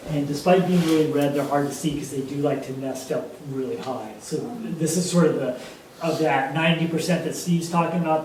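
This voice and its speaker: A man's voice: fairly high pitch, a little mellow. A man giving an informal talk to a group about birds, chatty and now and then imitating bird calls. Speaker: presenter on birds. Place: indoor community talk hall. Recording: echoey room from far off, faint noise.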